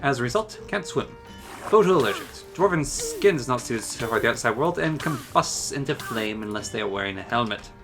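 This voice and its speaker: A man voicing a boisterous male dwarf who chants like a drinking song and reads out dwarf lore with loud, drawn-out theatrical delivery. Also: mid-range voice, expressive, vocal fry, music in the background. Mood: proud. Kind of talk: theatrical in-character reading.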